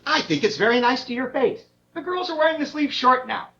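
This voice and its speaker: A woman's voice: brisk, exaggerated voice. Woman playing a fussy, soothing older dad. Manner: coaxing, lively pitch swings. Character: gentle fussy older father, soothing and placating. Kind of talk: stage play acting. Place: theater stage. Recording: dull lo-fi roomy stage recording.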